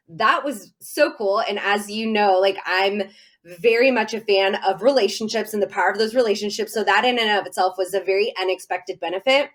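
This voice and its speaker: Effusive chatty woman telling her story. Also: medium pitch. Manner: animated, effusive storytelling with many fillers. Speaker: podcast guest, summit host. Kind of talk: casual podcast interview.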